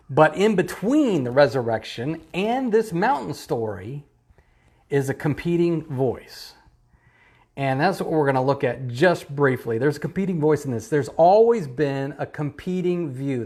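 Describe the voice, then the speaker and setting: A man's voice: fairly high pitch, darkish tone. A man, a pastor, preaching an online sermon with emphatic repetition and rhetorical questions. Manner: emphatic, repeating key phrases, rhetorical questions. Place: church, streamed online.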